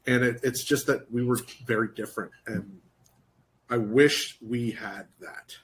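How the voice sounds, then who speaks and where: A man co-hosting a casual podcast chat. He speaks in a reflective, halting way, circling back on his words and swearing now and then. His voice sits at an ordinary middle pitch for a man. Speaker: podcast co-host.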